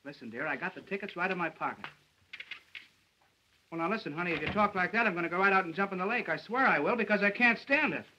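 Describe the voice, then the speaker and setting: An actor playing a cocky, wisecracking newspaper reporter in an early 1930s film. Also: male voice, sits high, expressive, quick pace, noisy background. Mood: pleading tender. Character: brash wisecracking male reporter in love.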